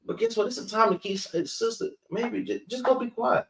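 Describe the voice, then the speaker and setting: Fairly quick and fairly bright, this man's high voice carries through an echoey room from a distance as he teaches scripture street-preacher style, constantly saying "guess what" and "man" and cursing casually.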